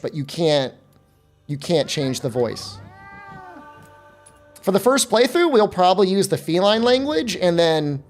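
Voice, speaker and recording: A man's voice: fairly high pitch, darkish tone. A man live-streaming a game, chatting loosely with viewers and joking as he talks. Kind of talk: casual live-stream chat.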